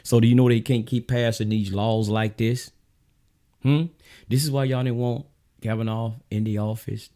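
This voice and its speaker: A man's voice: on the low side, steady tone, moderate pace, warm tone. A man with a Southern US accent hosting his own show, giving a blunt, preachy political monologue straight to his viewers. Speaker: show host.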